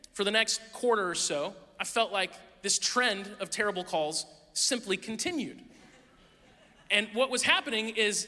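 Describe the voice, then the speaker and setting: A man's voice: high-pitched, pushed and bright. A middle-aged man, a pastor, giving a conversational sermon with candid, self-deprecating stories, recorded in a church sanctuary. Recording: long reverb of a large hall.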